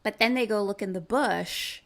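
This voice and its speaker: A woman's voice: mid-range voice, normal speed, fairly bright tone. A woman podcast host casually recapping a horror film, swearing freely and acting out the scenes.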